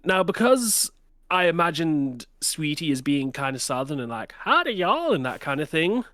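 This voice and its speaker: A man's voice: a little high, normal speed, dry recording, clean studio sound. A man in a book club chatting casually and animatedly, now and then putting on voices to make a point. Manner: animated, breaks into voices for examples. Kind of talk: casual chat.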